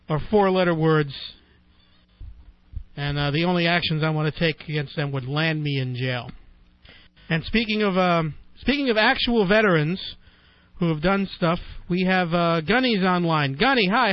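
A man's voice: high-pitched, normal speed, dry recording. A man hosting a talk radio show, speaking bluntly and emphatically, repeating himself as he rants. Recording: muffled dry radio broadcast audio.

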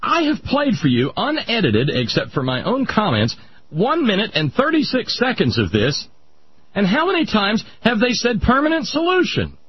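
A man hosting a radio talk show, animated, sarcastic and incredulous. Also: sits high, normal speed, breathy edge. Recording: muffled radio broadcast.

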